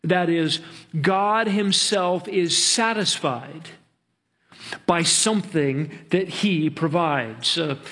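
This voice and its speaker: A man pastor preaching a sermon, earnest, slowing down to stretch key words. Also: on the high side, fairly bright tone.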